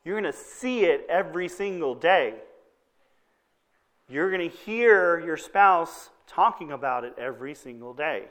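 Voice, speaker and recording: A man's voice: on the high side, expressive, a little slow, a bit bright. A man preaching a sermon to his church in a conversational way, often checking in with the congregation. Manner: conversational preaching with frequent "okay?" check-ins. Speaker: pastor.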